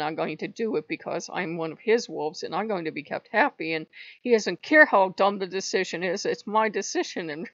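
A woman's voice: on the low side, vocal fry, no echo. A woman talking in a casual, rambling vlog monologue, blunt and profane and laughing often as she goes. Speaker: Lokean spiritual vlogger. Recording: dull lo-fi dry sound.

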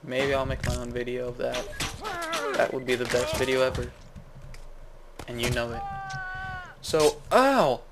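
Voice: mid-range voice, completely flat delivery, normal speed, long pauses, heavy background noise. A gaming video host giving goofy, rambling let's-play commentary, saying "like" a lot and jumping to sudden yelps. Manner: jumps to yelps and squeals.

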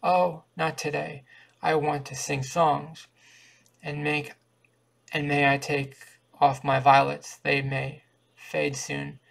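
A fluttery, dramatic foreign countess eager for her singing lessons, as a man reads her aloud in a storybook reading. The voice stays flat and gravelly, with only slight lift. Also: fairly high pitch, slow, heavily acted.

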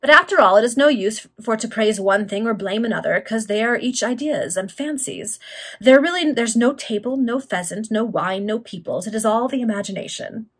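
A woman's voice: on the high side, moderate pace, a bit bright, breathy edge. A woman voicing a pompous, greedy German baron philosopher who lectures in broken English with a German accent. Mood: lecturing.

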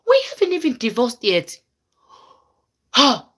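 A woman's voice: fairly low pitch, expressive, moderate pace, fairly bright tone. A woman vlogger telling a story to her live viewers in a dramatic, exclaiming way. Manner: dramatic, exclaiming, mixes in local words. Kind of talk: casual storytelling chat with viewers.

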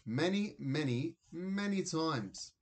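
A man voicing an excitable, gushing mother who works as a nail technician, in a children's storybook reading. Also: fairly high pitch, takes it slowly, pitched above the performer's own voice.

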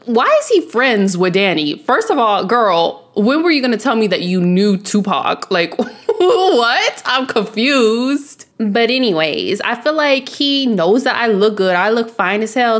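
A young woman narrating her game in casual commentary, with a fairly high voice that swoops up and down. She talks straight to her viewers in an animated way and laughs often. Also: a little slow. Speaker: let's play host.

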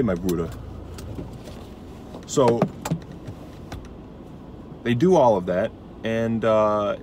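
Low-ish guy rambling his video thoughts outside, lotta "uh"s, cars going by clear. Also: a little mellow. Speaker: video essay host. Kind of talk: rambling casual commentary. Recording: outdoor traffic noise. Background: passing cars.

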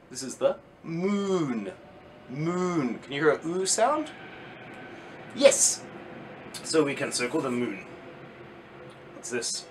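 Slow, lively man teaching phonics to kids. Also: fairly high pitch. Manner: slow, clear sounding-out of letters for kids; encouraging, asks and answers his own questions. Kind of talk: children's phonics lesson.

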